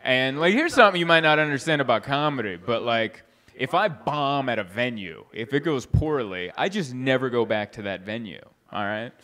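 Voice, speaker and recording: A young adult man doing a stand-up comedy set, telling stories in an animated way, voicing the people he quotes with big jumps in pitch and laughing at his own jokes. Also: moderate pace.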